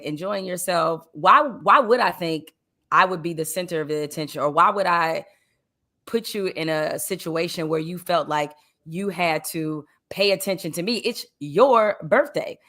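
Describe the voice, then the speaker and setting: A woman with a somewhat low voice talks things over as a co-host in a casual chat. She thinks aloud and leans on pointed rhetorical questions to make her case. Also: measured pace, vocal fry, pushed and bright. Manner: reflective, with emphatic rhetorical questions.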